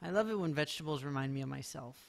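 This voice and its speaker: A man's voice: on the high side, rapid-fire, gravelly. A man streaming a game live, talking casually in a rambling way and making self-mocking jokes.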